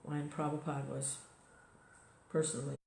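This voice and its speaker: A woman's voice: low-pitched, little pitch movement, moderate pace, vocal fry, darkish tone, a little hiss or hum. Woman giving a casual spiritual talk, roomy sound. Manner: conversational, many fillers and "you know". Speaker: devotional speaker. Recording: echoey room recording.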